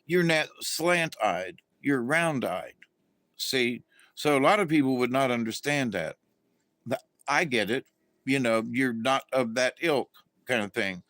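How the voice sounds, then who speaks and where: A man's voice: mid-range voice, expressive, measured pace, fairly bright tone, dry recording. A middle-aged man from Florida, hosting a casual, meandering monologue full of fillers and restarts. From Florida, USA. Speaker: channel host.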